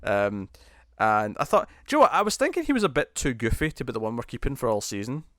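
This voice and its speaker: A man co-hosting a podcast in casual chat, animated and laughing often, restarting sentences as he recaps TV episodes. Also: medium pitch, quick pace, no room sound, studio quality. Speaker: podcast co-host.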